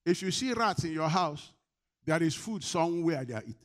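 Emphatic preaching man, loud-then-quiet. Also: fairly high pitch, animated, a little fast. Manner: emphatic preaching with call-and-response questions, swinging between loud and quiet. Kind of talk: sermon.

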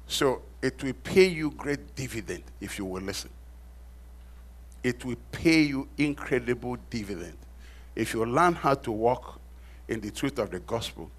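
A middle-aged male pastor preaching a sermon. He repeats key phrases and prompts the congregation to finish his sentences. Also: mid-range voice.

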